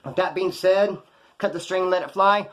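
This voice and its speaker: A high-pitched male voice at a moderate pace tells prison stories to the camera in casual, slangy California speech. He's animated and acts out the lines of the people in his tales.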